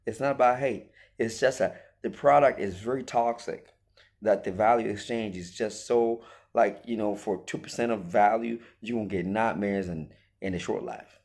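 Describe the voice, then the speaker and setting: A man speaks in a lowish, steady, creaky and darkish voice at normal speed, offering an emphatic opinion monologue as a commentator. He leans on rhetorical questions and acts out quoted voices.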